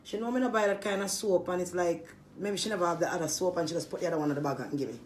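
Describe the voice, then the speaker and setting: A woman's voice: on the low side, rapid-fire, a little mellow, slight background noise. A woman, a small business owner venting in an angry, profane monologue. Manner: irritated, profane ranting.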